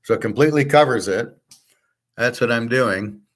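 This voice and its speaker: A man's voice: mid-range voice, normal speed, fairly bright tone. Blunt, profane man rambling casually. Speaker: host.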